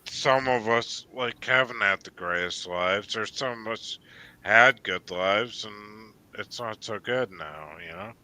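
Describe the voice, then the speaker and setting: A man from New England hosts a loose livestream chat, talking slowly and rambling through his thoughts with plenty of fillers and curses. His voice is bright and smooth. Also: lowish voice, no room sound. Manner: rambling, swears freely, many fillers. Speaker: livestream host. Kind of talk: casual chat.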